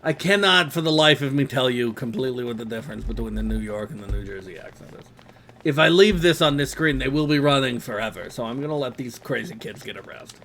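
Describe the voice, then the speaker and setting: A man's voice: mid-range voice, expressive, fast, fairly bright tone, slight background noise. A man casually commenting while he plays a fighting game, chatty and wry, drifting off on tangents. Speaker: streamer playing a fighting game.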